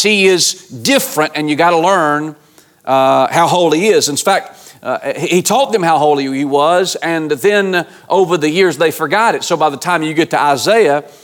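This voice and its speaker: High-voiced preaching man. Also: fairly bright tone. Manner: earnest preaching with frequent repeated words and restarts; colloquial, talks straight to the congregation. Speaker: pastor. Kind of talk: sermon.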